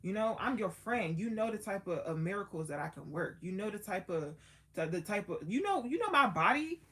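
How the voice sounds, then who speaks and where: A woman's voice: medium pitch, sing-song, a little fast, a bit bright, pitched above the performer's own voice. A woman voicing Jesus as a streetwise grown man, talking slangy and insistent like a close friend. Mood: exasperated.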